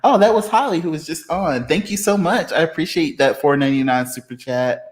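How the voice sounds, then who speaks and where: A man hosting a casual livestream chat, reading viewer comments aloud, laid-back and quick to laugh, a little tipsy after a few beers. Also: on the high side. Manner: laid-back, laughs often, drawn-out fillers. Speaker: livestream host.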